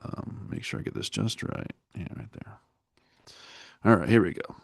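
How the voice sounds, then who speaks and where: A man's voice: sits low, big pitch swings, normal speed, creaky, breathy edge, no echo, studio quality. A man hosting a comedy music podcast, easygoing and laughing often. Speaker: podcast host.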